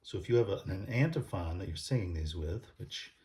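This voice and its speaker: A man's voice: sits low, expressive, a little fast, darkish tone. A man explaining church music casually, thinking aloud with many ums and restarts as he pages through a book.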